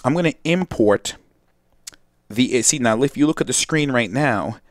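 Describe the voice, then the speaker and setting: A young man talks through a software tutorial in a loose, rambling way, drifting off topic and restarting his sentences. His voice sits at a middle pitch. The recording is dry, with no room sound. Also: animated, unhurried, no echo. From Brooklyn, New York. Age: young adult. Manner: rambling, digressive, restarts often, talks straight to viewers. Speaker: host and video editing tutor.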